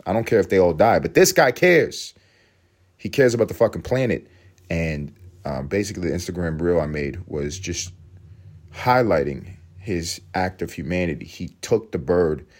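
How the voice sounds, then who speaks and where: A man's voice: sits low, darkish tone. A young man hosting a solo podcast, rambling casually with lots of swearing and self-mocking asides. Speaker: podcast host.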